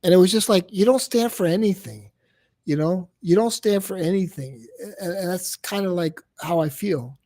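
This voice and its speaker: A man's voice: high voice, normal speed, dark tone, no echo, clean studio sound. A man talking heatedly about a personal hurt, swearing a lot and repeating himself. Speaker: streamer guest. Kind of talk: emotional casual talk on a livestream.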